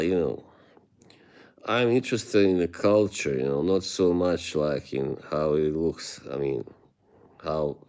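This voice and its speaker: Deep, slow-talking Bosnian man. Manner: relaxed, chuckles often, trails off mid-sentence. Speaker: livestream host. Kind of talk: casual livestream chat answering viewers. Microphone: phone held close to the face.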